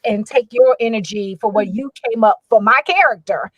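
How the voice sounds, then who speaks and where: Animated woman narrator, higher voice, dry close-miked panel chat. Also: moderate pace, no echo, poor audio. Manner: animated, quotes her own thoughts aloud. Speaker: audiobook narrator.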